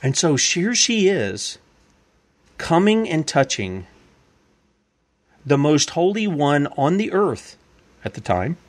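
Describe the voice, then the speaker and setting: A man's voice: on the high side, big pitch swings, takes it slowly, pauses often. A man giving an informal Bible-teaching sermon. He talks conversationally, repeats himself and asks and answers his own questions. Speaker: preacher.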